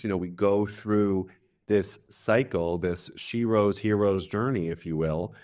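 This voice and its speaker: A man with a fairly low voice, speaking as a podcast guest. He talks earnestly and reflectively, and he leans on fillers as he goes. The tone is relaxed and conversational. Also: unhurried. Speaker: astrologer guest. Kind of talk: casual conversational interview.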